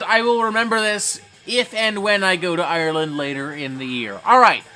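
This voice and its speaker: A man hosting a live stream and reading chat aloud, tipsy and getting drunker, profane, swinging from low mumbles to hyped shouts. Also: moderate pace, hardly any pauses, soft background music. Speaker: livestream host reading chat.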